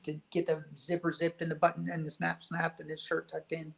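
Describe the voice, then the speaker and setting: A man speaking as a guest in a reflective spiritual conversation, soft, gentle and unhurried. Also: fairly high pitch, completely flat delivery, creaky, low-quality recording. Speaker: podcast guest.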